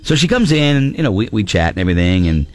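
A man's voice: fairly low pitch, big pitch swings, fast talker. A middle-aged man hosting a radio show, telling a story with lots of laughter and acting out his wife's lines. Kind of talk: morning radio banter.

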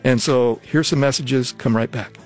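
A man hosting a local radio talk show in a studio, speaking haltingly with many fillers and restarts. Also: mid-range voice, steady tone, faint music behind. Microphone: studio microphone.

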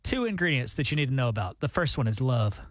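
A man co-hosting morning radio, playful and mock-serious as he pitches ideas, speaking into a studio microphone. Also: very animated, fast talker, no echo. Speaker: radio show co-host.

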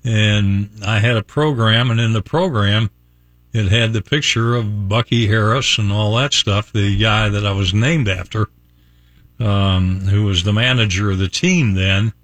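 A man's voice: lowish voice, measured pace, a bit bright, no echo. An older man from Virginia hosting a morning radio show, telling a rambling story and chuckling often. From Virginia, USA. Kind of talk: chatty on-air storytelling. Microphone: studio mic.

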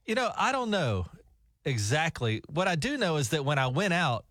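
A man's voice: on the high side, very animated, normal speed, a bit bright, no echo, clean studio sound. A man on a talk show, telling a rambling, jokey travel story with laughs. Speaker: radio show co-host. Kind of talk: casual storytelling chat.

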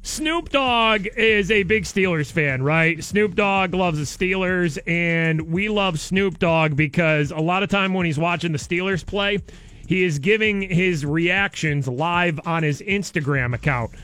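A man's voice: sits high, unhurried, sharp tone, soft background music. A man hosting a radio show, talking in a casual, playful way and laughing often.

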